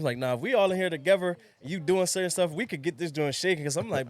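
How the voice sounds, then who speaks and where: A man's voice: fairly high pitch, fast, few pauses. A man joking around in a casual podcast conversation. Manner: joking, laid-back.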